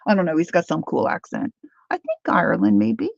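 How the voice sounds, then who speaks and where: A woman's voice: mid-range voice, big pitch swings, brisk, gravelly, dry recording, muffled recording. A woman hosting a casual live crafting demo, chatting as she thinks aloud and answers viewer comments. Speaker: craft livestream host.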